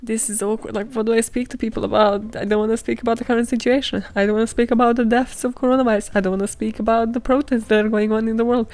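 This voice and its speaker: A woman's voice: fairly high pitch, level tone, quick pace, few pauses, darkish tone. A young woman hosting a podcast, ranting bluntly and casually with lots of swearing. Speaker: podcast host. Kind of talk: casual monologue outro.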